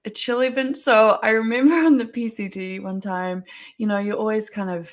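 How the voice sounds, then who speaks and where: A woman's voice: medium pitch, fairly even intonation, moderate pace. A woman from New Zealand with a Kiwi accent, chatting as a podcast guest, laughing often and trailing off into fillers. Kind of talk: casual chat.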